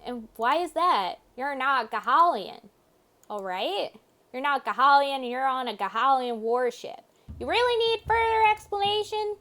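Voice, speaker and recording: A woman voicing a terse, cold female elf soldier who speaks slowly with an awkward put-on accent. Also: high voice, pushed and bright. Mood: scornful.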